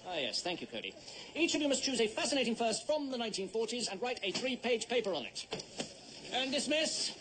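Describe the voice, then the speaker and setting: A man's voice: extremely high pitch, sing-song, brisk, noisy background. An actor playing a dry, sarcastic schoolteacher who lectures his class, on a TV soundtrack with music. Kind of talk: sitcom acting.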